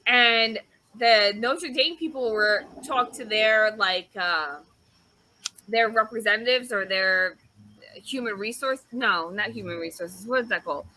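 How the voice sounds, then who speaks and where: A woman's voice: mid-range voice, measured pace, rough recording. A woman co-hosting a casual podcast, retelling a story with lots of swearing and acted-out quotes. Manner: animated storyteller, swears freely, acts out quotes. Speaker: podcast host.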